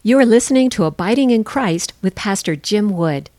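A woman announcing a radio program, reading a scripted promo in a clear, measured way. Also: mid-range voice, lively intonation, dark tone, no echo, clean studio sound.

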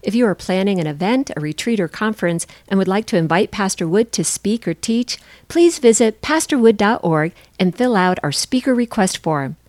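A woman announcing a radio program, reading a scripted promo in a clear, measured way. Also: mid-range voice, lively intonation, a little mellow, dry recording.

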